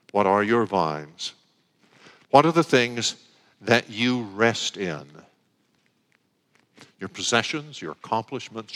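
A male pastor preaching a sermon in a church, telling a story with expression and slowing down for emphasis. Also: lowish voice, a bit bright. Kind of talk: sermon with a story read aloud. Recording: reverberant church hall.

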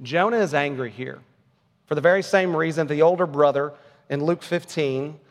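A man's voice: a little high, moderate pace, in a large hall. A man preaching a sermon as a pastor, earnest and emphatic, often posing rhetorical questions.

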